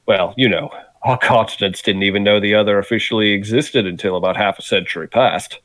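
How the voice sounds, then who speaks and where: A man's voice: fairly low pitch, fairly quick, a bit bright, no echo, lightly acted, rough recording. A man voicing a scaly, non-human male scholar who talks in a courteous, nerdy, formal way. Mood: polite.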